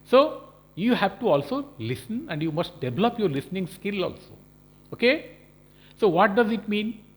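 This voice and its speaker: A professor lectures in a high voice. He explains each point step by step and keeps checking in with his listeners. He sounds like a man giving a recorded lesson. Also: sing-song, moderate pace. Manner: explanatory, checks in with frequent "Okay?" and "you know". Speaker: professor lecturing on management skills.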